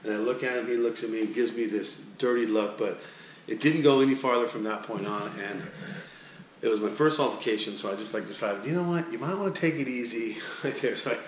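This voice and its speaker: Guy talking to his camera, sports announcer type, lively storyteller, middle voice, bit of faint hiss. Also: mid-range voice, fairly quick. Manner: animated, chatty, talks straight to the viewer. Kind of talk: casual vlog storytelling.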